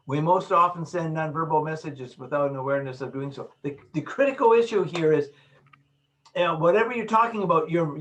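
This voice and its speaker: A man's voice: fairly high pitch, a bit bright. Emphatic man giving a recorded lecture. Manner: emphatic, repeats key phrases, acts out examples. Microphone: video call.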